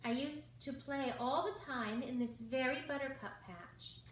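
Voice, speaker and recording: A woman's voice: high-pitched, a little slow, a little hiss or hum, voice pushed up. A woman voicing a kind, friendly grown-up mother snake. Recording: roomy, from far off.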